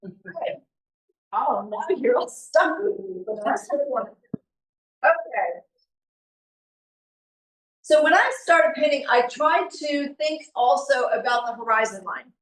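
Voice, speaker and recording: A woman's voice: high-pitched, expressive, slow pace, long pauses. A woman talks a live audience through her painting in a loose, chatty way, stopping to think aloud as she goes. She sits well back from the microphone, so her voice comes across thin and a little faint. The room around her rings with a strong echo. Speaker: painting demonstrator. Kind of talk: live art demonstration talk. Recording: echoey room recorded from far off.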